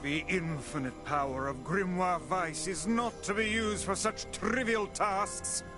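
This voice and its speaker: A haughty talking magic book from a video game, grand and formal in every word. His voice sits a bit high, and game music plays clearly behind him. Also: unhurried. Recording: game audio under music.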